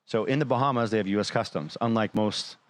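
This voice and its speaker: A man's voice: on the low side, quick pace. A man casually telling a personal story, acting out the dialogue and swearing freely. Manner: animated retelling, acting out quoted dialogue.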